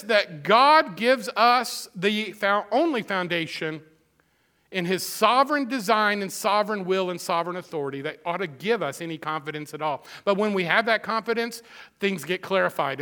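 Bright high-voiced male preacher. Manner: emphatic, repeats phrases for stress; conversational asides to the congregation. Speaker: pastor. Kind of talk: sermon.

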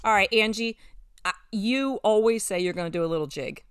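A woman's voice: mid-range voice, brisk, clear, resonant tone, no echo, studio quality. A woman co-hosting a casual Bible study chat, speaking with enthusiastic, preacherly emphasis.

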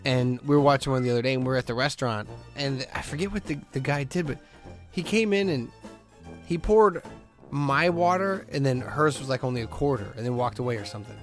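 A man hosting a podcast in casual chat, an animated storyteller who acts out what other people said. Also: medium pitch, brisk, faint music behind. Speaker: podcast host.

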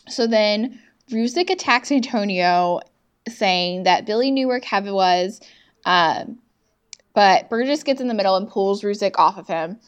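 A woman's voice: medium pitch, a little slow. A young woman co-hosting a podcast, casually recapping TV scenes and acting out the characters' lines. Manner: chatty, recounts scenes with quoted lines. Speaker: podcast co-host.

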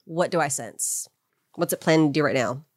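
A woman's voice: low voice, normal speed, no echo, studio quality. A woman playing a tabletop game, rambling and laughing with lots of fillers. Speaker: player. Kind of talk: casual tabletop play.

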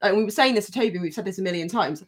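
Lively woman reading aloud. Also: medium pitch, racing. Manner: expressive, laughs often, swears casually. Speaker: podcast co-host. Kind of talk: reading a listener's story aloud, then casual chat.

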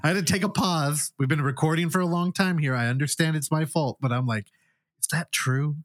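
A man's voice: on the high side, fast, no echo, studio quality. A man co-hosting a podcast, chatting casually and telling long, rambling stories full of acted-out reactions. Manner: animated, rambling storytelling with quoted reactions. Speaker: podcast co-host. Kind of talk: casual chat.

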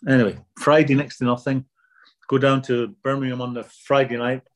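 An older man being interviewed, telling anecdotes in a relaxed, self-deprecating way. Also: medium pitch, brisk. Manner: anecdotal, self-deprecating, repeats words when starting. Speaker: guest.

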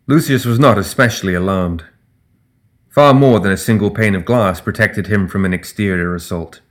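A man narrating a fantasy audiobook in a steady, even storytelling voice. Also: deep voice, moderate pace.

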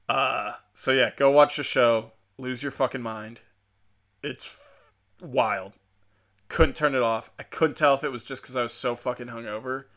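Young male podcast host, loose and profane monologue, average pitch, bright and pushy tone. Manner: casual, profane, many filler likes. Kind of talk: rambling solo podcast monologue.

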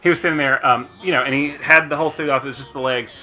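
A man rambles through anecdotes as co-host of a casual comedy show. His voice is very bright with a mid pitch. A little music hums underneath. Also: steady tone, rapid-fire, poor audio. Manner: chatty, rambling storyteller.

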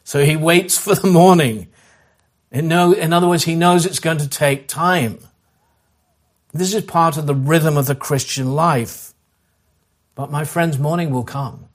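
A man preaching, his voice a little high and husky. He presses his listeners with earnest, repeated phrases and short commands, then turns quiet and slow as he leads into prayer. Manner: drops to a soft, slow voice to lead prayer. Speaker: pastor. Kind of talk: sermon.

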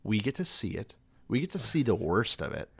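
A man's voice: fairly low pitch, very animated, fairly quick, gravelly, husky, no room sound. A man co-hosting a casual podcast, explaining in a wry, joking way. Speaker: podcast co-host. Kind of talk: casual chat.

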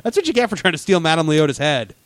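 A man with a slightly high, animated voice talks fast, with no echo, hosting a casual chat about theme parks. He tells stories eagerly, with lots of fillers and restarts.

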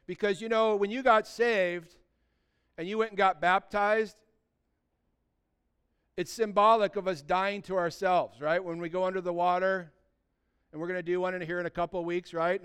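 A man's voice: high voice, a bit bright, clear, resonant tone. A male pastor preaching a sermon, emphatic and storytelling, building his points through repeated phrases.

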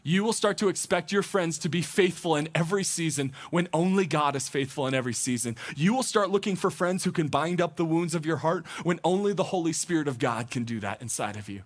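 Young male pastor, high voice, chatty animated sermon delivery. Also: a little fast, few pauses. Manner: conversational, animated, acts out quoted thoughts. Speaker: teaching pastor.

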